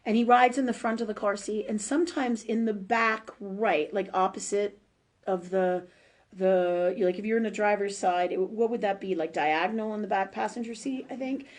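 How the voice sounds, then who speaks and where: A woman's voice: medium pitch, normal speed. Middle-aged woman, spiritual medium hosting a live show. Casual and emotional, rambling, blunt with some swearing. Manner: emotional, warm-hearted, rambling with many fillers and restarts. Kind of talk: casual live-stream readings for viewers.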